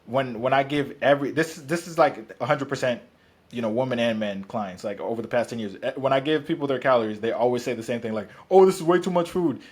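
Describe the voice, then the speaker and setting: A man's voice: medium pitch, quick pace, slightly rough. A man who works as a fitness coach, talking bluntly and profanely in casual podcast chat, rambling with restarts.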